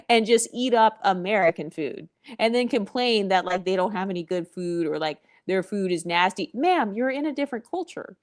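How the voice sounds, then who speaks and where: A woman talking straight to her audience in a casual vlog, sassy and blunt. She swears freely and drops mocking asides as she airs her opinions. Her voice sits at an ordinary pitch for a woman. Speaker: vlogger.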